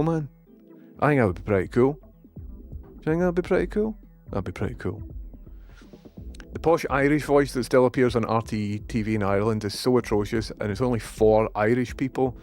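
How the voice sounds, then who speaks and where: A man's voice: fairly low pitch, fast talker, soft background music. A Scottish man hosting a casual live stream, chatting loosely, swearing freely and reading viewer messages aloud. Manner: swears freely, excitable, reads chat aloud. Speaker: livestream host.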